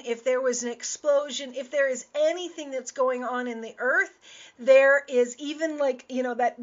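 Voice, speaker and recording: A woman host and business coach talking in a casual radio monologue, stressing points by repeating words. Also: high-pitched. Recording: dull lo-fi audio.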